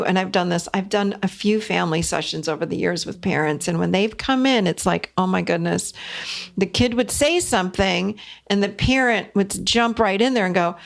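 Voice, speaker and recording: A woman's voice: medium pitch, vocal fry. A middle-aged woman hosting a podcast, giving casual advice and acting out short exchanges between parents and children. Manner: warm, emphatic, acts out parent and child voices. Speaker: podcast host and therapist.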